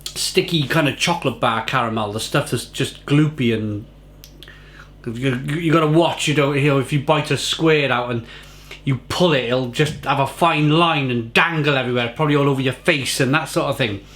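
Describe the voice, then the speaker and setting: A man's voice: medium pitch, moderate pace, fairly bright tone. A man reviewing a beer to camera, effusive and rambling, repeating words for emphasis.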